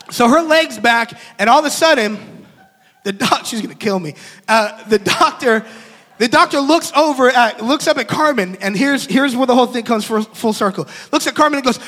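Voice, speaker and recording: A young man with a very high, bright voice tells a story from the pulpit, animated and quick to laugh as he acts out each person's lines. His voice rings with the long reverb of a large hall. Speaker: pastor. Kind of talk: storytelling sermon.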